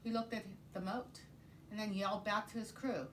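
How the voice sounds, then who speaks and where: A woman teacher reading a children's picture book aloud in an expressive, sing-song way. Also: mid-range voice, moderate pace. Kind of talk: children's storybook read-aloud.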